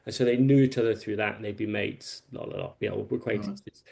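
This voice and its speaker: A man's voice: on the low side, steady tone, fairly quick, gravelly, darkish tone. A man on a podcast panel, telling a long film anecdote in a rambling, casual way.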